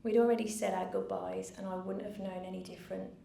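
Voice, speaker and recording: A middle-aged woman giving a personal speech from a stage, earnest and measured with dry asides. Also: mid-range voice, flat delivery, gravelly, dark tone. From United Kingdom. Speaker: founder giving a keynote speech. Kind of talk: personal story told from a stage. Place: event venue with a live audience. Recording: roomy venue, faint background noise.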